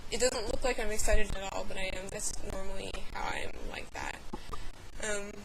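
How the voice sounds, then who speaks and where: A young woman talks to her camera in her bedroom, rambling nervously with many fillers and restarts. Her pitch sits in a middle range. The recording is buried in loud hiss and crackle from a bad file conversion. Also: steady tone, normal speed, gravelly. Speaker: vlogger. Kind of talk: rambling personal vlog. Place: bedroom at home.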